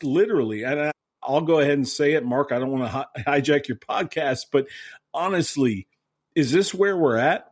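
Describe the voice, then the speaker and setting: Emphatic man ranting about sports. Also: on the high side. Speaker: podcast co-host. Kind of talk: casual sports chat.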